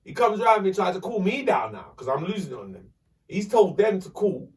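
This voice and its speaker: A man, hosting a podcast and telling a story in a lively, profane way. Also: sits high, a little fast, far from the mic. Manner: animated, swearing, acts out voices in his story. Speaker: podcast host. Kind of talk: casual storytelling.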